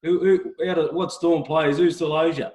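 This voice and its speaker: A man's voice: fairly high pitch, steady tone, moderate pace, a little mellow. Interviewing man in a roomy space. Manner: friendly, stumbling questions with restarts. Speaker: host. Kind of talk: interview questions. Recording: roomy echo.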